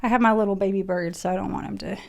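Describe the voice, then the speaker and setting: A woman's voice: medium pitch, steady tone, very fast, vocal fry, a little mellow, a little hiss or hum. A woman chatting casually through an unboxing, emotional and gushing, near tears at times. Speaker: vlogger.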